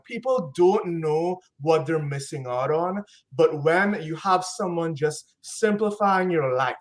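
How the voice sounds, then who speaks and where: Upbeat man with a higher voice. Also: fairly bright tone. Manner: upbeat, uses catchphrases and slang. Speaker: guest, business consultant. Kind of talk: casual interview chat.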